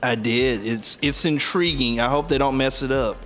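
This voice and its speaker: A man co-hosting a casual gaming talk show, animated and laughing often as he acts out game lines. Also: medium pitch, normal speed, faint music behind. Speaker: streaming show co-host.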